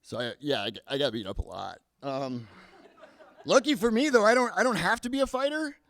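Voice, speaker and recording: Guy doing standup on a club stage, lively voice that jumps around, stumbles into jokes, dry sound. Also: high voice, a little fast, no echo. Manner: self-deprecating, stammers into punchlines. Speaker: stand-up comedian. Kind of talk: stand-up set.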